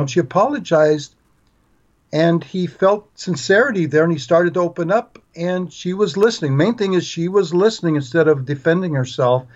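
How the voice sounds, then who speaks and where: A man as a guest author on a parenting podcast, explaining in an earnest, steady way with small restarts. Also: on the high side, moderate pace. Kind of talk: podcast interview. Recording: dull, muffled audio.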